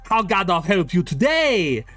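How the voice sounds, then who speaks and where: A man's voice: high voice, very animated, a little slow, fairly bright tone, no echo, soft background music, pitched above the performer's own voice, exaggerated voice. A man voicing an eccentric heavyset male toymaker in a jester cap, speaking broken English with eager salesman patter.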